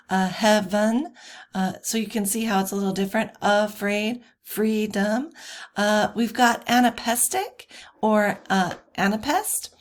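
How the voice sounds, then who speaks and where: Woman teacher for a recorded lecture: higher voice, slow and chatty, lots of fillers and restarts. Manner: casual, chatty with frequent fillers and self-corrections.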